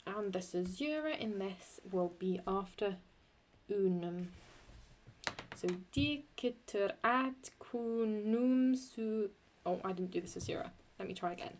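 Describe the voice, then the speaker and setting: A woman teaching Latin poetic meter in a chatty way, thinking aloud and correcting herself, and reading Latin lines slowly and deliberately. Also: medium pitch, mellow. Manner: slow, deliberate Latin recitation. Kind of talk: screen-recorded lesson.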